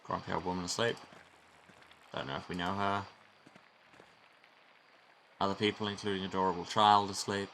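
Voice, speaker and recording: Wry guy muttering through a lets play at home, lowish voice, bright tone. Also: level tone, moderate pace, pauses often, slight background noise, rough recording. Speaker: let's play host. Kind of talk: game commentary.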